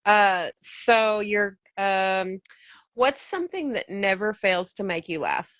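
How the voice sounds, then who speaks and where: A woman's voice: medium pitch, animated, takes it slowly, a bit bright, dry recording. A woman hosting a casual chat, playful and chatty, often laughing along with her guest. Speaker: podcast host.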